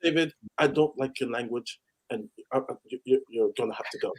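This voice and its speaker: A man's voice: medium pitch, fairly quick, poor audio. A man hosting a casual fan chat, laughing often and stumbling over his words. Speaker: podcast host.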